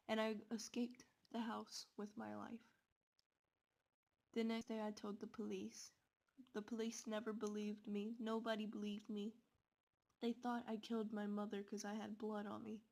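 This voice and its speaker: A woman telling a scary story in the first person, with slow, dramatic delivery. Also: on the high side, creaky, a little mellow.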